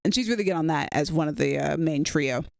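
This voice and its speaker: A fast-talking man with a slightly high, smooth voice, co-hosting a casual movie review chat. He rambles eagerly through his thoughts with fillers. The sound is dry and close. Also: no echo. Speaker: podcast co-host.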